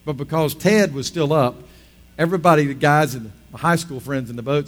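A middle-aged man preaching, with a voice pitched a little high for a man. He tells a personal story in a chatty way, then builds into emphatic, pressing appeals. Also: a little fast. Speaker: pastor. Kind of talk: sermon.

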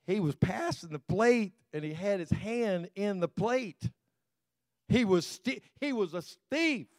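A male pastor delivering a sermon in a loose, chatty manner, scattering "you know" through his sentences. His voice sits fairly high for a man and sounds dry and close, with no room echo. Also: lively intonation. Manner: conversational, full of "you know" and quick laughs.

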